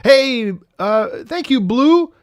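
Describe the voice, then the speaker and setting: A man streaming live, excitably reacting to music, reading chat and swearing often. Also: extremely high pitch, takes it slowly, smooth, no room sound, studio quality.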